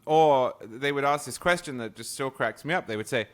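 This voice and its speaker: A man's voice: medium pitch, moderate pace. A man with a posh English accent, a guest chatting casually and telling stories with frequent laughs. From England. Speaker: podcast guest. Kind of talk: casual conversation.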